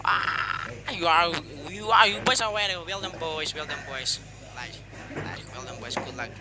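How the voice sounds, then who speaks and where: A man's voice: fairly high pitch, fairly even intonation, measured pace, heavy background noise. A man hosting an eating contest among friends, calling it like playful sports commentary, teasing the players and laughing often. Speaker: host commentating a mukbang contest.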